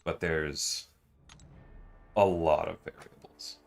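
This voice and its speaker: A man's voice: rumbling low, fairly even intonation, takes it slowly, gravelly, soft background music. A man casually chatting with viewers on a game livestream, laughing often and explaining game mechanics. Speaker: livestream gamer.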